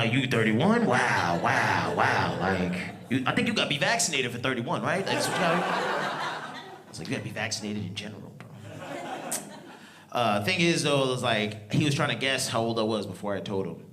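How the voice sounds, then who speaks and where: A man's voice: mid-range voice, noisy background. A man in his thirties from New York doing a stand-up comedy set in a club, telling stories in loose slang with laughing asides. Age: 30s. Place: comedy club with live audience. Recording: loud crowd in a club.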